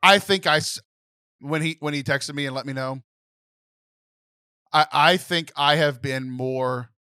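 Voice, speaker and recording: A man's voice: a little high, a little slow, pushed and bright, smooth, no room sound. A young man co-hosting a podcast in casual chat, emotional and close to tears, rambling with many restarts. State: tearful. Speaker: podcast co-host.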